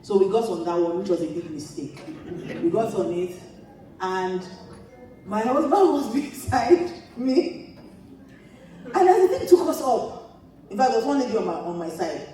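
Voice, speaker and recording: A woman pastor telling a funny story to a church audience, animated and laughing often as she talks. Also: mid-range voice, normal speed, long pauses, slight background noise. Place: church auditorium. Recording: echoey church hall, distant mic.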